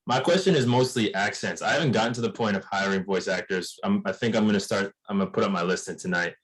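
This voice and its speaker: Low-voiced man asking hesitant questions. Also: fast talker, a bit bright, poor audio. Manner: hesitant, restarts often, polite. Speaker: course member asking a question. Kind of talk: casual Q&A chat. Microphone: video call.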